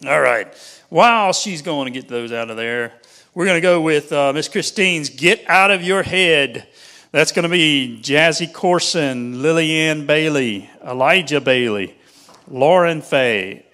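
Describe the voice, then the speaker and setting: A man's voice: a little high, sharp tone. A man with a Southern US accent, a pastor reading out group lists to a church youth group in an upbeat, folksy way.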